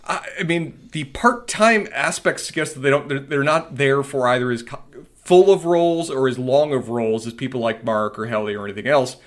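A man's voice: mid-range voice, fairly quick. A man co-hosting a podcast, chatting casually and spinning playful, wordy theories. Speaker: podcast co-host. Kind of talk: casual recap chat.

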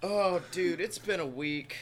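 A man co-hosting a casual comedy podcast, sick, telling stories quickly with playful bits. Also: sits high. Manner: loud playful announcer bits, quick storytelling. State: sick, congested. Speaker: podcast co-host.

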